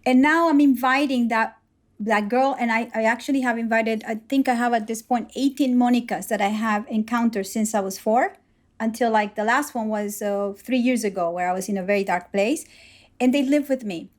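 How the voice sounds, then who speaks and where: Her voice sits a bit high and moves at a moderate pace. Appearing as an interview guest in a relaxed conversation, she looks back on her life through personal anecdotes and reenacts what was said.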